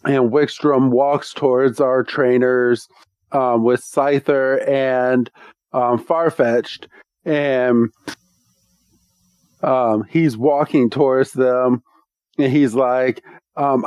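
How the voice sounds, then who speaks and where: A man's voice: mid-range voice, fairly even intonation, extremely slow, darkish tone, clear, resonant tone, dry recording. A man co-hosting a podcast, recapping a cartoon episode in a rambling way, with many ums, on a close mic. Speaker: podcast co-host.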